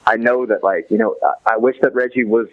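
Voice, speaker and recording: Rambling low-voiced man, slightly muffled. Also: steady tone, quick pace, no echo. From Los Angeles. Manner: rambling, many restarts and fillers. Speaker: podcast guest. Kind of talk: casual chat.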